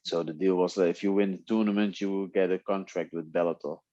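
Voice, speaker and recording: A man whose first language is Dutch, telling stories in a relaxed way in a casual interview, often laughing. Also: low voice, quick pace, no room sound, highs cut off. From Netherlands. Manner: relaxed storytelling with frequent laughs and restarts. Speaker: guest, MMA fighter.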